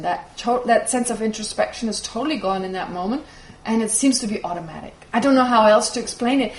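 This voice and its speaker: Lively high-pitched woman teaching in a roomy hall. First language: German. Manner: lively, laughing, explanatory. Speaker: Buddhist teacher. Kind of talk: teaching with audience Q&A. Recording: echoey room, faint noise.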